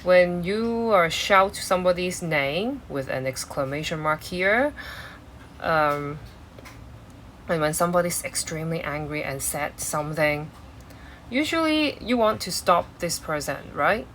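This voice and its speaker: A woman's voice: on the low side, expressive, measured pace, a bit bright, slight background noise, rough recording. A woman teaching an exam-prep English lesson, explaining step by step with many fillers and restarts.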